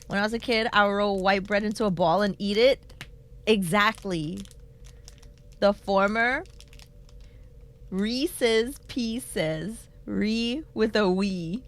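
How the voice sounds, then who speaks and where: A woman's voice: mid-range voice, slow, long pauses. A woman streaming live, chatting casually with her viewers, reading their messages aloud and laughing often, talking into a desk microphone. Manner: playful, animated, reads chat aloud, laughs often.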